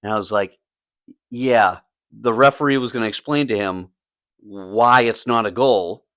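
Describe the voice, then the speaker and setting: A man co-hosting a casual podcast tells a youth soccer coach story full of swearing and acted-out quotes. His voice sits on the low side with a fairly bright tone, and he speaks unhurriedly. The studio recording is clean, with no room sound.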